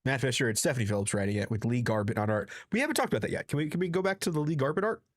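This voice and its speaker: A man's voice: mid-range voice, expressive, no room sound, clean studio sound. A sick man co-hosting a comics podcast, talking casually with frequent fillers and teasing. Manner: halting, many fillers, teasing. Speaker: podcast co-host. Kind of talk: casual chat.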